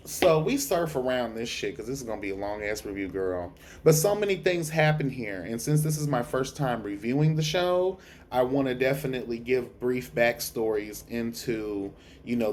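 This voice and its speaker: Rich: A tired man dishing on a TV episode with sassy, profane, gossipy flair. His voice sits at a middling pitch, with faint noise in the background. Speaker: TV reviewer. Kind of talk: casual review vlog. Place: dark room at home.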